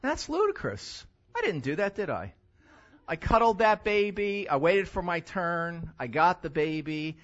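An older man preaching a sermon as a pastor, animated, with loud emphatic stretches and quiet asides. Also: sits high, unhurried, lo-fi sound.

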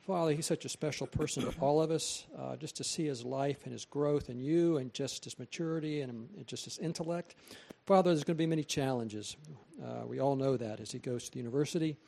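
Gravelly man praying aloud. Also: medium pitch, warm tone. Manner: earnest, halting. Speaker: church member praying. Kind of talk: spoken prayer. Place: church hall.

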